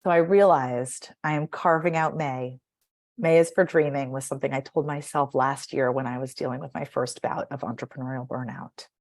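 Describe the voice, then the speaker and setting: A woman's voice: rumbling low, fairly even intonation, moderate pace, darkish tone. A woman speaking as a voice and speech coach in a podcast interview, animatedly demonstrating vocal patterns by acting them out.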